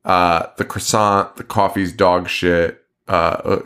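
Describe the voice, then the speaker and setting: A man's voice: low voice, flat delivery, takes it slowly, fairly bright tone. A man co-hosting a horror podcast in casual chat, ranting with lots of swearing and laughter. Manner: profane, ranting, laughing often. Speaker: podcast co-host.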